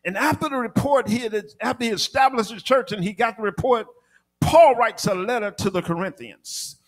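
A man preaching a sermon in a church, with a rhythmic delivery that rises into shouted, half-sung cadences. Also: very high-pitched, moderate pace.

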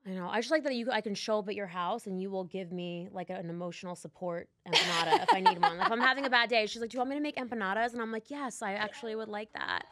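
A woman's voice: mid-range voice, expressive, fast talker, few pauses, fairly bright tone, dry recording. A woman guest on a comedy podcast, chatting casually with sarcastic, provocative humor and frequent swearing.

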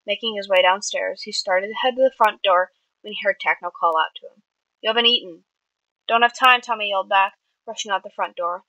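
A woman's voice: medium pitch, pushed and bright, no room sound, rough recording. A woman reading her own story aloud, with small slips and self-corrections. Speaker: amateur writer.

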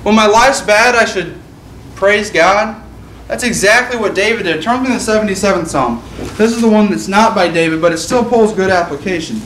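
In a church sanctuary, a man preaches an earnest sermon in a high-pitched, slightly bright voice at a moderate pace. He reads scripture aloud and restates it in plain words, captured by a distant mic in an echoey room with slight background noise.

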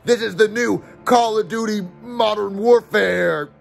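A pushy, over-the-top commercial announcer, as a man puts him on in a parody ad. His voice runs fairly high with a gravelly edge and faint music underneath. He sounds hyped and salesy and keeps repeating his pitch. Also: unhurried, heavily acted.

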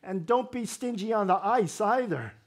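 A pushy, imperious prophet barks out orders in a raised, loud voice, as a preacher puts him on for laughs. The tone is comic and mock-grand, with nothing humble in it. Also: male voice, high voice, animated, normal speed, voice pushed up. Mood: bossy. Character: bossy demanding male prophet.

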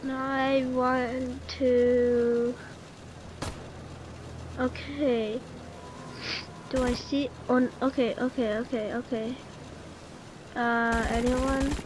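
A woman hosting a gaming video, talking through each move aloud and easily alarmed, often repeating "no, no, no" in quick streams. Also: sits high, level tone, noisy background. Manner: chatty, talks through every move aloud. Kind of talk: let's-play game commentary.

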